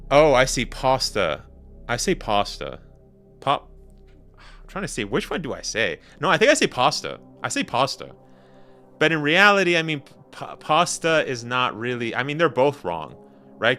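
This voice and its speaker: A young Canadian man with a Canadian accent, rambling and excitable in casual live-stream chat with slang. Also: medium pitch. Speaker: gaming streamer.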